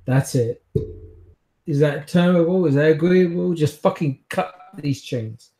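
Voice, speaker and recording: A man's voice: on the high side, unhurried, mellow, roomy sound. A man voicing a cornered male vampire schemer tied to a chair, pleading frantically and swearing. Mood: frantic.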